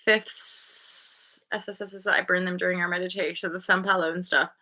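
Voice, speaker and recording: A woman's voice: fairly low pitch, fairly even intonation, moderate pace, pushed and bright. A woman in her thirties hosting a casual live-stream chat, bubbly and laughing often, swearing freely and acting out voices as she tells stories. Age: 30s. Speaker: host.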